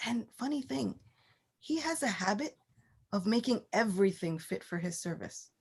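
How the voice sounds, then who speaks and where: A woman giving a scripture class, telling the story in a lively, animated way. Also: medium pitch, moderate pace, vocal fry, slightly rough.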